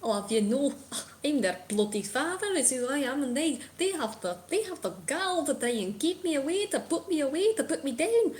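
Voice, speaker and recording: A woman's voice: sits high, very animated, moderate pace, hardly any pauses, a little mellow, a little hiss or hum, pitched above the performer's own voice. Woman doing a sneering British ghost father. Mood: berating. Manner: sneering, berating, scornful. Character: spiteful bird-like spectral father, British.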